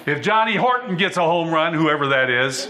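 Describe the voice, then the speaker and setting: A man preaching a sermon in a church, listing names in a steady rhythm and rising to fervent exclamations. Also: fairly high pitch, normal speed, a loud crowd.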